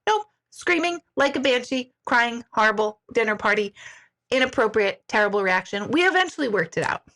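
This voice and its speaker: Animated woman medium telling a story. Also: a little high, fairly quick. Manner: animated, laughs often, many fillers like "like" and "right?". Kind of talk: casual storytelling to viewers.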